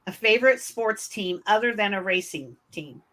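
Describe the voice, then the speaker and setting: A woman from Michigan with a northern US accent hosts a casual podcast interview, friendly and chatty with fillers. Her medium-pitched voice is a bit bright, with lively intonation at normal speed.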